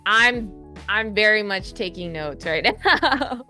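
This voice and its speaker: A woman's voice: medium pitch, expressive, takes it slowly, pushed and bright, faint music behind. A woman hosting a casual interview, gushing and giggling like a fan. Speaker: host.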